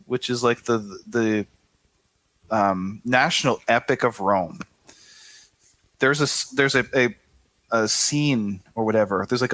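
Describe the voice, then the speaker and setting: A man's voice: mid-range voice, fairly bright tone, dry recording. A middle-aged man co-hosting a podcast in casual chat, stammering and correcting himself as he explains. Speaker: podcast co-host.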